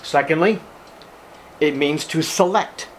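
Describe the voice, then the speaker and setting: A male pastor with a fairly high-pitched voice delivers a slow sermon to his congregation at a church service. He's emphatic, repeats key words and addresses the listeners as beloved, with slight background noise.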